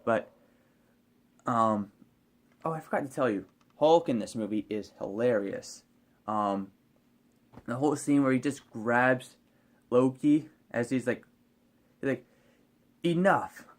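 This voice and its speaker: A man's voice: medium pitch, measured pace, pauses often. A man casually reviewing a movie on his vlog, rambling and hesitant, with many fillers and restarts.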